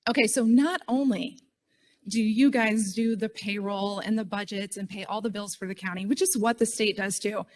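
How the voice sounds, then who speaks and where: A woman's voice: mid-range voice, a little hiss or hum. A middle-aged woman giving a chatty, self-deprecating speech at a conference podium. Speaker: state official speaking at a conference.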